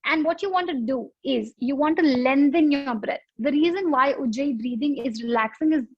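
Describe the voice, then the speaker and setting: A woman with a high, light voice leads a yoga breathing lesson, patient and explanatory, using simple analogies. The sound is dry and close, with a slightly dull, lo-fi quality from an online session. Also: breathy edge, no room sound. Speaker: yoga instructor. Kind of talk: guided breathing instruction.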